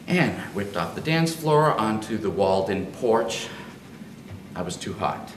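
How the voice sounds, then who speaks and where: A man reading his own comic short fiction aloud at a live event, with dry, deadpan timing. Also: on the low side, a little slow. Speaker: reader. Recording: roomy, distant live-reading mic, audience noise.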